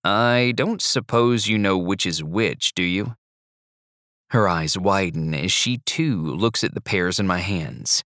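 A man narrating an audiobook in the first person, with a measured, even storytelling delivery. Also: sits low, dry recording, studio quality.

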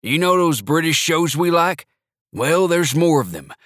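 A man's voice: fairly high pitch, animated, a little slow, fairly bright tone, no echo, clean studio sound, pitched above the performer's own voice. A man reading an audiobook, voicing a proud, cheerful elderly grandfather who boasts with delight. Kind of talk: audiobook character voice.

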